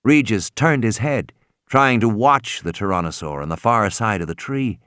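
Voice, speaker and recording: Expressive male audiobook narrator. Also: lowish voice, moderate pace, clean tone, no echo, studio quality. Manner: dramatic, expressive reading. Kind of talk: scripted narration.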